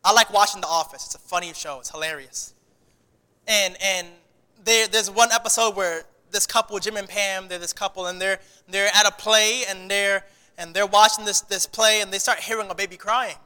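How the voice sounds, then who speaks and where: A man preaching a sermon in a church, animated and often restarting his sentences. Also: high voice, moderate pace, smooth, big-room sound. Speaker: pastor.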